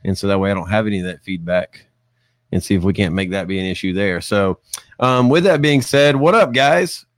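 A man's voice: lowish voice, a little fast, no room sound. A man hosting a casual live show, upbeat and chatty, with many ums and uhs, speaking into a studio mic. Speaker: livestream show host. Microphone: studio mic with headphones.

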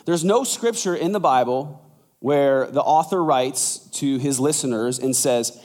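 A man preaching a sermon as pastor, conversational and lively, acting out quoted voices. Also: a little slow, big-room sound. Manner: animated, acts out quoted voices with big pitch jumps.

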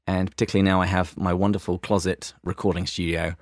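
A man's voice: low voice, little pitch movement, fast talker, no echo. An Australian man co-hosting a podcast, chatting playfully and chuckling often as he talks from a closet recording studio. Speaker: podcast co-host. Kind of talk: casual chat.

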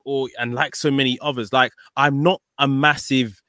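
A man hosts a casual podcast in a mid-pitched, bright voice. He talks in an emotional, gushing way and stumbles over repeated words when excited. The recording is dry. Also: moderate pace, no room sound. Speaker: podcast host.

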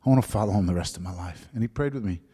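A man in his fifties telling his conversion story as a sermon testimony, shifting from lively storytelling to soft, hushed moments. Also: on the low side, very fast, breathy edge. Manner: storytelling, drops to soft whispers at emotional moments. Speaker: preacher giving a testimony. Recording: long hall reverb.

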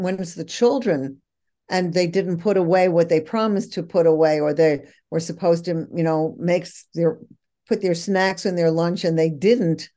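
A woman's voice: lowish voice, dark tone. A woman guest in a casual conversation, telling personal stories in an earnest, reflective way.

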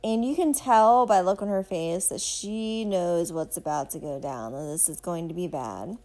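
A woman's voice: fairly low pitch, normal speed, darkish tone. A woman hosting a podcast, chatting casually and gushingly as she recaps a show and talks straight to her listeners. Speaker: podcast host.

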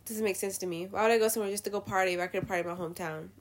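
A woman hosting a show, giving blunt, profane opinions in a casual, animated rant. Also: medium pitch, rapid-fire. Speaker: podcast host.

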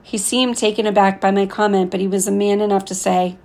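A woman narrating a novel chapter as an audiobook, with a gravelly edge and voicing the dialogue herself. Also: mid-range voice, fairly even intonation, fairly quick, darkish tone. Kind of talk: scripted narration.

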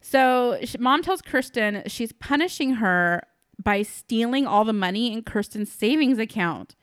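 A woman's voice: fairly high pitch, animated, measured pace, clear, resonant tone, no room sound, clean studio sound. A woman co-hosting a podcast, recapping a movie in casual chat with crude, sarcastic jokes. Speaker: podcast co-host.

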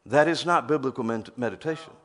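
A man's voice: medium pitch, quick pace, a bit bright. Emphatic preacher man. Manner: emphatic, repeats words when starting phrases. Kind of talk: sermon.

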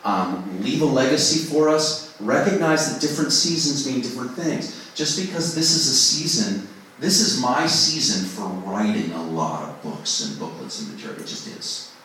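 A man's voice: medium pitch, expressive, moderate pace, a bit bright, slight background noise. Man teaching in an echoey room. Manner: conversational, self-deprecating, acts out inner voices. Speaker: songwriting workshop speaker. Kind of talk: informal teaching talk to a group. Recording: distant mic in a very echoey room.

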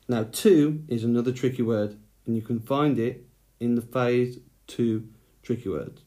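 Slow, patient male phonics teacher. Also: mid-range voice, warm tone. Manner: slow, patient, sounding out letters. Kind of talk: phonics lesson for young children.

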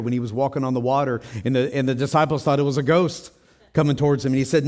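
A man's voice: mid-range voice, steady tone, quick pace, darkish tone. Earnest male pastor preaching a sermon. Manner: earnest, emphatic, acts out Bible scenes in quotes. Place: church.

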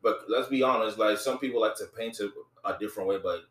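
A man's voice: fairly low pitch, fast talker, a bit bright. A man talking earnestly in a casual conversation about faith, quoting scripture and often restarting his sentences. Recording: echoey room, voice from a distance.

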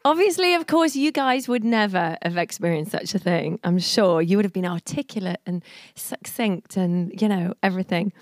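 A woman in her forties giving an informal, storytelling sermon at a church service. She talks in a chatty way, laughing often and filling pauses with plenty of ums. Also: medium pitch, animated, no room sound, studio quality. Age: 40s. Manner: chatty, laughing, many fillers. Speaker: church speaker.

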